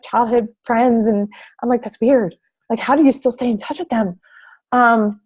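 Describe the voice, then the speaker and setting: Gushing over slides, a bubbly woman with a darkish tone pitches her fitness team to possible recruits, sprinkling in "like" and "oh my gosh" constantly.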